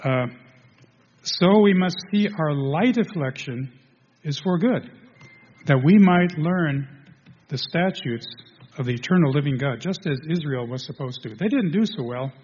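A man preaching a sermon to a congregation, halting, restarting, and filling pauses as he goes. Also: on the high side, expressive, darkish tone, breathy edge. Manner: halting, with many restarts and fillers. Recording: dull lo-fi sound in a reverberant hall.

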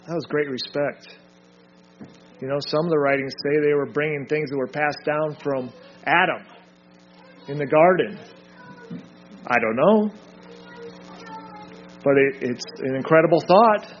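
A man's voice: on the high side, measured pace, long pauses. A man leading a group Bible study, reading scripture aloud and drilling his listeners with short emphatic remarks. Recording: dull lo-fi recording.

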